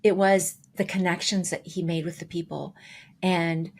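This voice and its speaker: A woman co-hosting a podcast, casually telling a story with lively, acted-out quotes. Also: lowish voice, moderate pace. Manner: animated, acts out quoted dialogue with voices. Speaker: podcast co-host.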